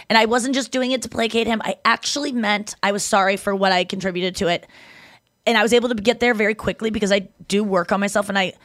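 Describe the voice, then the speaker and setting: A young adult woman co-hosting a podcast, talking in a loose, casual way. She tells stories with a lot of energy, acts out what people said, and swears without holding back. Her voice sits at a middle pitch and sounds close and dry, with no room echo. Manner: animated storyteller who acts out quotes and swears freely. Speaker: podcast co-host. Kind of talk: casual chat.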